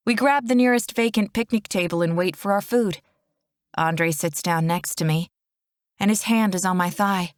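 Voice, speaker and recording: A woman narrating a first-person romance audiobook in an intimate, steady way, close to the mic. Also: fairly low pitch, normal speed, no echo.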